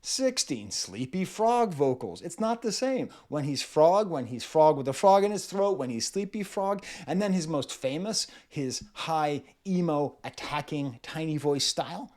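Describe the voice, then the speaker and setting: A man in his forties talks through a rap album with a lively, swooping delivery that sits a touch high. He is playful and keeps slipping into quick imitations of vocal styles, laughing along the way. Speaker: music reviewer. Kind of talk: casual music analysis.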